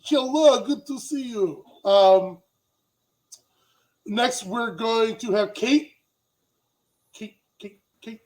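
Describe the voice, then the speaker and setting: A man's voice: extremely high pitch, slow pace, pauses often, a little mellow, poor audio. A man hosting a livestream panel over a video call, upbeat and joking as he brings on guests. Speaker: host.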